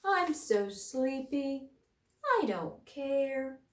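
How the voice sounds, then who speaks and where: A woman voicing a big, sleepy, gentle male bear in a storybook read-aloud, with a slow, drowsy drawl. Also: high voice, sing-song, pitched above the performer's own voice, full character voice. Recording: roomy, far from mic.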